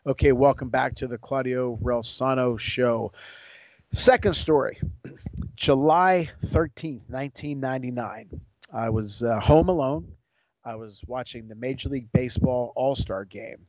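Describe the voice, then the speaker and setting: A man hosts his own show and tells a long personal story in a loose, rambling way, doubling back on his words as the emotion builds. His voice sits at an ordinary middle pitch. The sound is dull and lo-fi, dry, with no room around it. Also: normal speed, darkish tone, no room sound. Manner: rambling, emotional, repeats himself; ad read in sports jargon. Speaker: podcast host. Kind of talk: casual storytelling.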